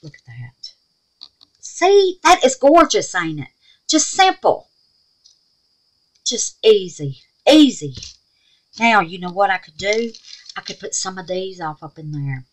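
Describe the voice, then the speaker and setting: A woman with a mid-range voice leads a chatty craft tutorial from home, speaking slowly and pausing often. She's animated and exclamatory, affectionately calling her viewers babies. The recording is rough.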